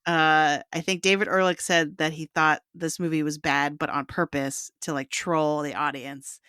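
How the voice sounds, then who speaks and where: A woman co-hosting a relaxed podcast conversation. Her voice sits a little low but sounds bright and forward. She talks loosely and hedges often, with plenty of filler words. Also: normal speed, clear, resonant tone, no room sound, studio quality. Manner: chatty, hedging, full of "like" and "um". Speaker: podcast co-host. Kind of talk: casual chat.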